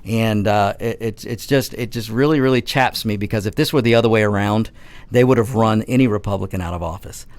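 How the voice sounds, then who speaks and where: A man's voice: lowish voice, fairly quick, dry recording. A man hosting a talk radio show, ranting passionately with frequent restarts and stammers. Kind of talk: political talk radio monologue.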